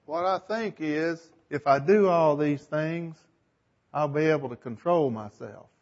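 A man's voice: on the high side, measured pace, darkish tone, highs cut off. Man leading a Bible study. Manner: conversational, thinks aloud, asks the group questions. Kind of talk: leading a group Bible discussion.

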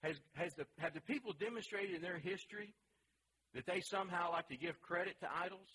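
Male Bible class teacher with a bright, forward tone who reads scripture aloud and questions his listeners. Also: high voice, brisk, slight background noise, low-quality recording.

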